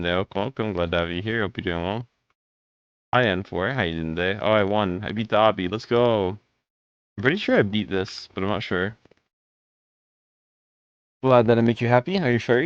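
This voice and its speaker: Tired, low-voiced young man streaming. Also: brisk, pauses often, clear, resonant tone, dry recording, muffled recording. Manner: relaxed, greets viewers by name, rambling asides. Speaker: live streamer. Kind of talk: casual live-stream chat while gaming.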